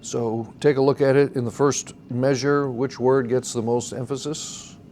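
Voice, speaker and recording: Patient male instructor with a mellow tone, faint background hiss, teaching a class. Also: mid-range voice, flat delivery, a little slow. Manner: patient, explains step by step, asks the class questions. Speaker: song leading teacher. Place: church classroom.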